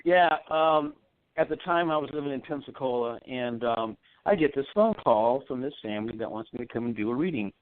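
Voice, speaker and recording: A man's voice: mid-range voice, animated, a little fast. A man, a psychic medium guest, telling a long rambling story in a radio interview, full of ums and restarts. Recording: tinny phone line.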